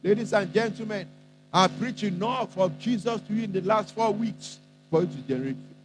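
A man preaching a sermon, emphatic and repetitive, with dramatic pauses between phrases. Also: high-pitched, over music, low-quality recording.

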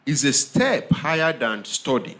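A man preaching a sermon, slow and emphatic, repeating phrases and often asking the audience if they understand. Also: mid-range voice, very animated, fairly bright tone.

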